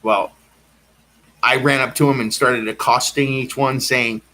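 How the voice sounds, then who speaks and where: Man, mid-pitch, rambling monologue, insistent, repeats himself. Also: fairly even intonation, measured pace, pushed and bright. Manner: insistent and repetitive, circling back to the same claims.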